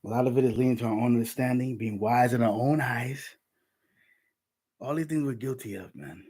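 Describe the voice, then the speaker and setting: A man's voice: mid-range voice, a little fast, a little mellow, breathy edge. A man giving an informal scripture teaching in a streetwise, conversational preaching manner. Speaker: religious teacher.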